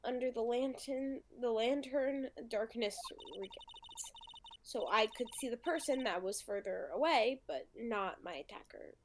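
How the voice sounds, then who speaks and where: Woman reading as a flustered young witness, high voice. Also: unhurried, noisy background. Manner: hesitant, full of ums and trailing off. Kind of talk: reading game dialogue aloud.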